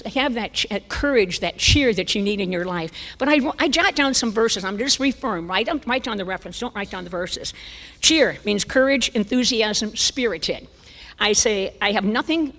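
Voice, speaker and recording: Older woman in her 70s, conference speaker, self-mocking humor, reverberant church sanctuary. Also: medium pitch. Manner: lively, self-mocking, chuckling storyteller. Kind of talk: humorous storytelling talk.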